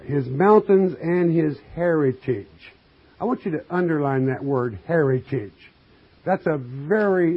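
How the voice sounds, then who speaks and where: A man's voice: on the high side, slightly rough. A man preaching a sermon, reading scripture and explaining it with emphatic, folksy questions to his listeners. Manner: slow, emphatic, asks the congregation questions; folksy asides, addresses listeners as friend. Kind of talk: sermon, Bible exposition. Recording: dull lo-fi recording.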